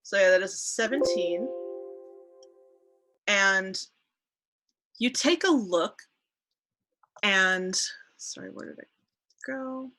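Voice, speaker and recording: A woman's voice: mid-range voice, animated, takes it slowly, pauses often, bright, forceful tone, soft background music, rough recording. A woman narrating a tabletop game as game master, casual and hesitant, on an online call.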